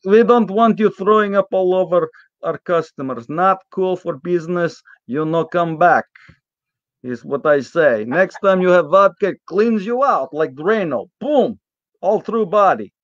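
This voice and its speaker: A man putting on a gruff restaurant boss. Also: sits high, lively intonation, very slow, pauses often, pushed and bright, no room sound, highs cut off, full character voice. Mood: scolding. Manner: broken English, blunt mock threats. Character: gruff Eastern European male restaurant owner.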